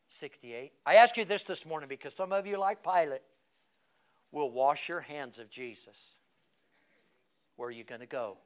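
A man preaching a sermon, reading a story aloud and building to emphatic, fervent climaxes. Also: medium pitch.

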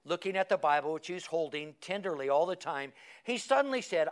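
Fervent preacher man, high clear voice. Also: animated, a little fast. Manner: emphatic, builds to fervent loud climaxes. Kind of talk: sermon with a read-aloud story.

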